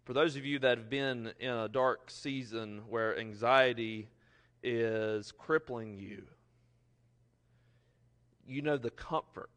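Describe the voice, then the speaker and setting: A man preaching a sermon, swinging between loud, emphatic lines and soft, almost whispered ones as he reads scripture and applies it. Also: mid-range voice, takes it slowly, long pauses. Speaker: pastor.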